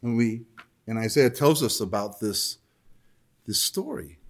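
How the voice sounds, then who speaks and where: A man's voice: mid-range voice, expressive, measured pace. A man preaching a sermon, mixing casual asides with scripture read aloud. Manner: conversational, reads scripture aloud with rising intensity.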